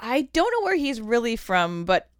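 A woman's voice: fairly high pitch, sing-song, moderate pace, clean tone, no room sound, clean studio sound. A woman co-hosting a podcast in easygoing casual chat. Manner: easygoing, laughs along. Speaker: podcast co-host.

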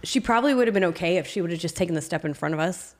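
A woman co-hosting a casual faith podcast, chiming in often with quick agreement. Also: lowish voice, expressive. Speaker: podcast co-host.

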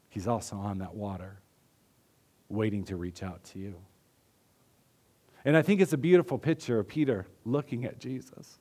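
A man preaching a sermon in an earnest, conversational way, often dropping his voice softly. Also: lowish voice, normal speed, long pauses, slightly rough. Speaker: pastor.

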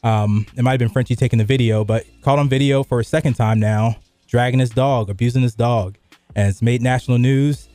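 A man's voice: medium pitch, steady tone, brisk, mellow, dry recording. A middle-aged man hosting a sports radio show, chatting loosely with lots of fillers. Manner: loose and rambling, many fillers. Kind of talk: casual sports radio chat. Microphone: studio microphone.

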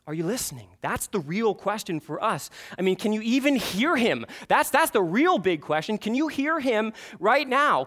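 A man's voice: high voice, fairly bright tone. A male pastor preaching a sermon in a church, earnest and repeating his questions for emphasis.

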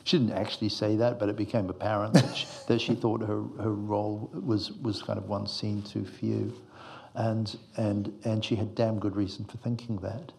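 Low-ish guy screenwriter, rambling thoughtfully thru his answers. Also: flat delivery, moderate pace, vocal fry, a little mellow. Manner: thoughtful, meandering, fond of analogies. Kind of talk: reflective interview answers.

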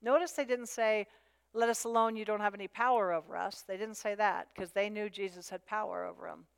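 A woman's voice: mid-range voice, fairly even intonation, a little fast, creaky, smooth. Emphatic woman preaching in a hall. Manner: emphatic, repeats key phrases. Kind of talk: sermon. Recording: long hall reverb.

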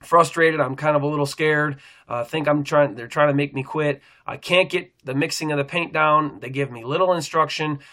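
A middle-aged male pastor shares his own testimony with a bright, forceful tone sitting a little high for a man. He rambles earnestly, circling back and restarting sentences as he goes. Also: moderate pace, hardly any pauses. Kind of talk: personal faith testimony.

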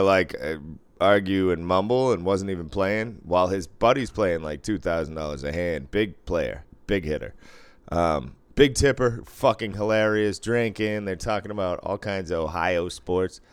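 A man's voice: normal speed, smooth, dry recording. A man who works as a casino pit boss, chatting casually, laughing and swearing as he tells stories. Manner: laughing storyteller, swears freely, acts out others in a higher voice. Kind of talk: casual chat.

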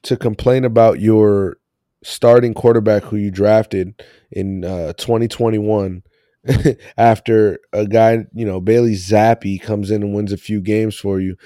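A man hosts a casual sports podcast with a mellow, warm voice. He rambles loosely and laughs often. The sound is dry and close. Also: fairly low pitch, fairly even intonation, unhurried, dry recording. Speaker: podcast host.

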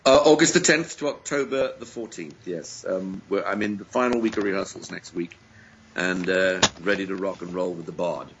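A man from England talking as a guest actor in a casual interview, playful and animated as he tells stories. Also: low-pitched, normal speed, dull audio, slight background noise.

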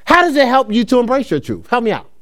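A male pastor delivering a sermon in a loose, conversational way. His voice sits high and leaps around with expressive swings. He slips into quick acted-out exchanges and laughs along with his own points. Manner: animated, conversational, acts out quick dialogues, laughs often. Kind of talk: lively preaching sermon.

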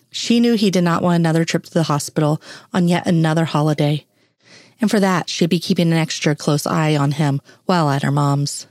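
A woman narrates a story in a steady, even way. Her voice sits on the low side. The sound is dry and close, with no room around it. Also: no echo. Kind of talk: reading fan fiction aloud.

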